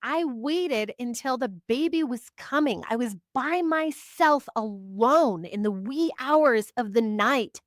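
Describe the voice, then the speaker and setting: A psychic reader and spiritual teacher gives a casual personal monologue to camera in a fairly high, animated voice, talking slowly yet with hardly any pauses. The audio is studio quality and echo-free. She chats freely, uses "like" constantly, and layers short emphatic affirmations with offhand asides.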